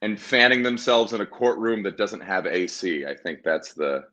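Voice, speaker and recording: A man's voice: fairly low pitch, animated, moderate pace, pushed and bright. A man from the American South, a comedian guest in a casual video-call interview, with dry, playful humor.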